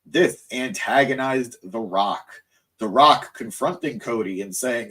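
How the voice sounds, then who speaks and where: A man's voice: medium pitch, slow pace, bright, forceful tone. A man hosting a live wrestling recap stream, rambling and easily sidetracked as he reacts to chat, sounding tired. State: tired, voice cracking. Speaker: wrestling show host.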